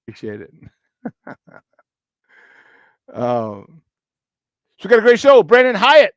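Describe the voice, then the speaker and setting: Man in his fifties, sports talk host, bantering with the chat, slightly high voice, dry close sound. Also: wildly swooping pitch, a little slow, pauses often, no room sound. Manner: greets chat viewers, laughs often, banter. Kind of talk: casual livestream chat.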